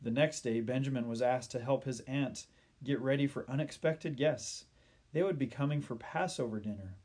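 A man with a slightly husky, breathy voice reads a children's story aloud. His delivery is gentle, steady storybook narration at a middling pitch.

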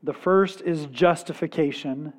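A man preaching a sermon at a slow, deliberate pace. His voice sits a little high. He speaks earnestly and drops to a quiet weight on the key points. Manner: measured, earnest preaching with dramatic pauses and quiet emphasis. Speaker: pastor.

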